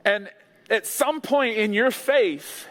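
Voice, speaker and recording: A man's voice: high voice, slow pace, fairly bright tone. A male pastor giving an earnest, conversational sermon with playful asides. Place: large church sanctuary. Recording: long church hall reverb.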